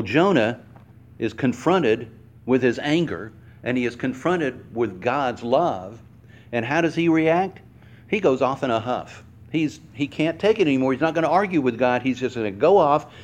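Animated preacher man, lively pitch. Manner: animated, acts out quoted lines with pitch swings; explains word meanings slowly, stressing each word. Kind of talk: sermon. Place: church hall before a congregation.

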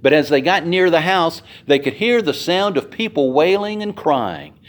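A man preaching a sermon as dramatic storytelling, swinging from loud to hushed. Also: on the high side, sing-song, moderate pace. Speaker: pastor.

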